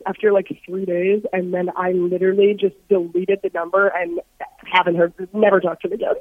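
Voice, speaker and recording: A woman's voice: medium pitch, fairly even intonation, fairly quick. A young woman calling in to a radio show from abroad, chatting casually and saying "like" constantly. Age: young adult. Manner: bubbly, says "like" a lot. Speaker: caller. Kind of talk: casual phone call. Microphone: phone. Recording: dull phone line.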